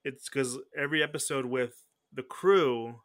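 Bright-sounding guy on a podcast, rambly, keeps restarting his sentences. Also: mid-range voice, a little slow. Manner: rambling, self-correcting, frequent restarts. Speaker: podcast host. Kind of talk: casual chat.

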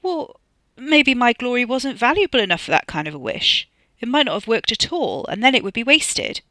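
A sheepish young man pleading his case, as a woman narrator puts him on. He sounds defensive and sorry for himself, with a bright, forceful edge. The sound is close and dry. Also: a little high, sing-song, moderate pace, dry recording, pitched above the performer's own voice.

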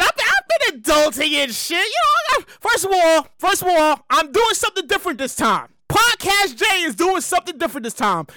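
A woman hosting her own podcast in a casual solo monologue, loud, hyped, profane and rambling, often repeating herself. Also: very high-pitched, very animated, fairly quick, hardly any pauses, no room sound, clean studio sound. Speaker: podcast host.

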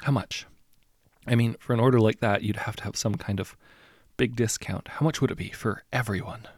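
A man's voice: fairly low pitch, fairly quick, dry recording, clean studio sound, close to an everyday voice. A man voicing a nervous, timid office clerk who stammers and apologizes. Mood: eager.

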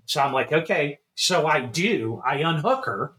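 A middle-aged man co-hosting a casual show, telling a long story in an animated way, swearing and laughing as he goes. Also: a little high, a little slow, slight background noise. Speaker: podcast co-host.

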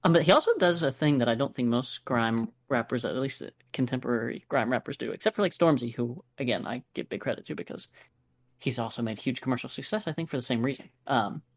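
A man's voice: mid-range voice, fast, vocal fry. An American man co-hosting a podcast, chatting casually about an album with many fillers and restarts. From United States. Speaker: podcast co-host. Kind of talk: casual review chat.

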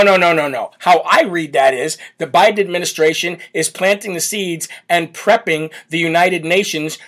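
A man with a fairly high voice hosts a live political commentary show. He talks in a brash, mocking way and stops to read out viewers' chat comments. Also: a bit bright. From United States. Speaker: political talk show host.

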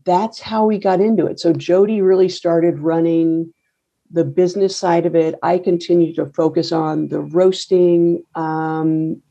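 A middle-aged woman with a low, gravelly voice talks through her story in a loose, wry manner, often pausing on fillers and restarting. Her tone is dark and mellow, and the recording sounds a bit dull and lo-fi. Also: steady tone. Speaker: coffee roaster and business owner. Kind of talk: casual interview storytelling.

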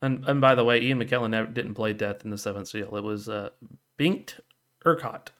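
A man's voice: fairly low pitch, brisk, fairly bright tone. A man co-hosting a casual podcast who speaks hesitantly, with many fillers, while correcting film facts. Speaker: podcast co-host.

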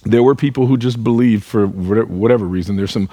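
A man's voice: on the low side, brisk, mellow, slightly rough, no echo. A pastor preaching a sermon, earnest, putting direct questions to his listeners. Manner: speaks to the congregation as "y'all".

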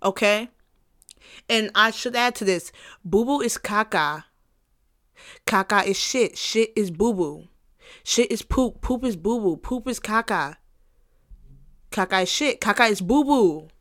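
Hosting her own laid-back podcast, this woman speaks in a medium, expressive, fairly bright voice, a little slowly and with frequent pauses. Her monologue is playful and emphatic, full of repetition, profanity, and bursts of laughter.

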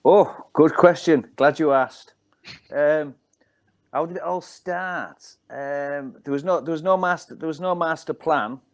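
A man's voice: on the high side, a little slow. A man in his forties with a Hull accent, a stand-up comedian telling rambling stories as a podcast guest. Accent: Hull, Yorkshire. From Hull, England. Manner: rambling anecdotes with many ums and self-repeats. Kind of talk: casual storytelling on a podcast.

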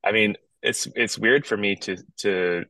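A guest musician from Northern Ontario, Canada, with a very low voice, chats on a podcast from his backyard over a video call, relaxed and rambling and often restarting sentences. He talks a little slowly, and the sound is dry and close with no echo but poor quality.

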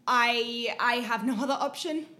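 A young woman from Australia with a fairly high voice joins a casual podcast chat. She laughs a lot and chimes in with quick, short remarks. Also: bright, forceful tone. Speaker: podcast guest.

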